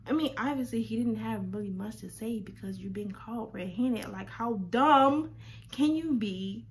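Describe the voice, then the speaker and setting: A woman telling a storytime vlog, animated and incredulous, firing off rhetorical questions, repeating words and dropping to near-whispers for asides. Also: fairly high pitch, moderate pace. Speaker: vlogger.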